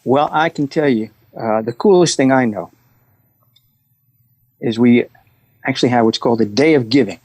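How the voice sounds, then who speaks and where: A middle-aged man and coach, speaking as a podcast guest and telling stories in a relaxed way. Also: mid-range voice, normal speed, long pauses, no room sound. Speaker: guest, restaurant executive and coach. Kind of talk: conversational interview.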